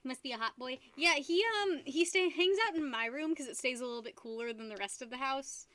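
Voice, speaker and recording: This is a young woman chatting through a live stream from her home, loose and giggly with a slightly tipsy ease. Her voice sits a little high and rings bright and forward. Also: a little fast, dry recording. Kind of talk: casual chat while painting.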